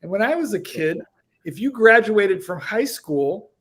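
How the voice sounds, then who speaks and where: An older man rambles through wry stories in a casual livestream chat. His voice sits notably high for a man. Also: sing-song, unhurried, a bit bright. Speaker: livestream guest.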